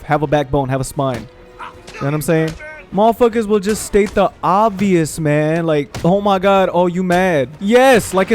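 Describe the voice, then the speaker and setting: A young man commentates on a video game while venting in a heated, profane rant full of repeated asides. His voice sits a little on the high side. Soft game music plays in the background. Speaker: gaming streamer. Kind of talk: let's play commentary rant.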